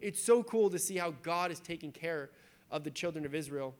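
A man's voice: fairly high pitch, expressive, moderate pace. A man preaching a sermon in a church, reading scripture and then explaining it in a casual, conversational way.

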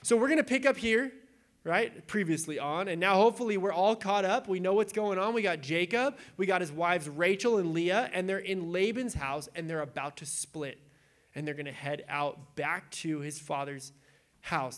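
A young adult man preaching in a casual, animated way, retelling scripture with acted-out quotes. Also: high voice, normal speed. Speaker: pastor.

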